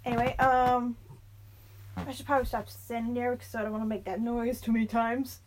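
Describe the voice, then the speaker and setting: A young woman talking casually in a vlog, rambling and self-mocking, fast from too much coffee. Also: fairly high pitch, flat delivery, slight background noise. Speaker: vlogger.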